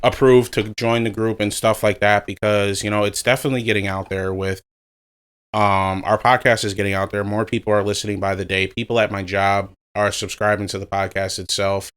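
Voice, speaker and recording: Male co-host, lower register, smooth tone, laid-back rambling delivery. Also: flat delivery, fairly quick, a bit bright. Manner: easygoing, rambling with filler words. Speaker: podcast co-host. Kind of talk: casual podcast chat.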